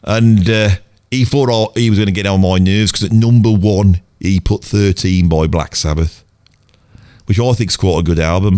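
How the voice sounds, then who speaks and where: A man's voice: fairly low pitch, darkish tone, dry recording, studio quality, lightly acted. A man playing a grumbling middle-aged Birmingham bloke with a Birmingham accent, rambling on and swearing mildly in a comedic monologue. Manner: rambling rant peppered with "bloody".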